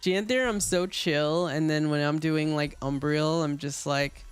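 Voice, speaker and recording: A man's voice: on the high side, fairly even intonation, a little slow, smooth, no room sound, soft background music. A man chatting casually and rambling with lots of fillers as he streams a game. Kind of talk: casual gaming stream chat.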